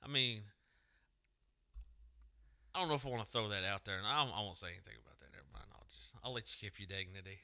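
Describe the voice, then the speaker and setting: A man co-hosting a podcast, telling profane stories in a loud casual chat and laughing often. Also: on the low side, quick pace, pauses often.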